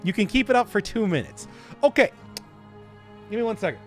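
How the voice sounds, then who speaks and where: A man's voice: sits high, very animated, a little fast, soft background music. A young man streaming a game, rambling casually, laughing often and swearing. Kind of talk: casual live gameplay commentary.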